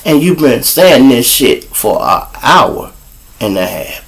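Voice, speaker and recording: A man's voice: mid-range voice, sing-song, slow, creaky, a bit bright. A man hosting a live show, telling crude, preachy comic stories. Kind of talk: profane comic storytelling.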